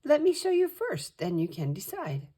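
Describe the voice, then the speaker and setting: A woman's voice: normal speed, slightly rough, exaggerated voice. Grandmother voicing a fretful wish-granting spirit. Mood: nervous. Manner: nervous, fretful, high and excited. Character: timid magical female rock spirit granting wishes.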